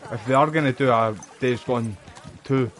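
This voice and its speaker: A man's voice: medium pitch, normal speed. A Scottish man streaming a game live, swearing and egging on the fights between chatty asides. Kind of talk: live gameplay commentary. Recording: game audio in the background.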